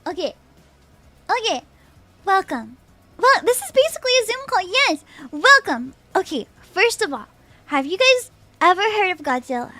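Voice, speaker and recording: A woman's voice: extremely high pitch, sing-song, moderate pace, pushed and bright, dry recording, faint music behind. A young adult woman streaming as a VTuber, chatting casually and playfully with her viewers, laughing often and repeating her own phrases. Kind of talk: casual live-stream chat, reading chat aloud.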